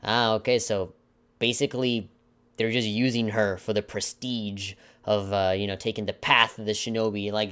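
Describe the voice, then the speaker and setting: A man's voice: lowish voice, steady tone, normal speed, fairly bright tone. A man playing a video game, reading its story text aloud and mocking it with sarcastic asides. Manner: sarcastic, mock-dramatic, chuckling asides. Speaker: let's play commentator.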